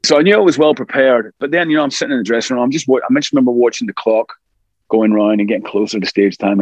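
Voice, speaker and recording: A middle-aged man answers an interviewer's questions in casual chat, at an ordinary middle pitch. He tells his stories with energy and slips into the voices of people he quotes. The sound is dry and close. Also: fast, dry recording, dull audio. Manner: animated storyteller, acts out quotes. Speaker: rock singer, interview guest.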